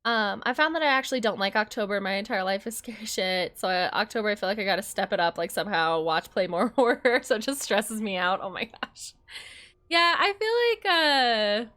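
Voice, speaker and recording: Here a young woman chats casually with viewers while streaming a game, bubbly and cursing freely. She speaks at a medium pitch with a sharp tone.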